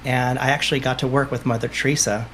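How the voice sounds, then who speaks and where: A confident man, a medium speaking as a podcast guest, who tells stories with emphasis and circles back over his own phrases. His voice sits at an ordinary middle pitch, and a faint hiss runs under it. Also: level tone, fast talker, a bit bright. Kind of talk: conversational interview answers.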